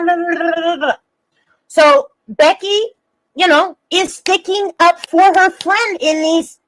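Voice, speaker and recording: A woman with a high voice rants on her live stream. She swears constantly, mocks people by name and reads messages aloud between sharp jabs. Her talk is blunt and combative. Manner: profane, combative, mocking. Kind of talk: ranting live stream commentary.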